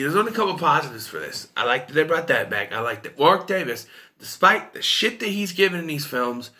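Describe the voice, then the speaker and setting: A man's voice: mid-range voice, sharp tone. A man giving a casual, rambling and opinionated film review to camera.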